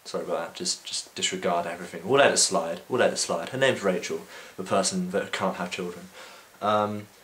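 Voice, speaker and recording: A man's voice: deep voice, brisk, fairly bright tone. A man casually retelling a book for a video blog in an irreverent, offhand way, with frequent ums and crude slang. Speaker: video blogger.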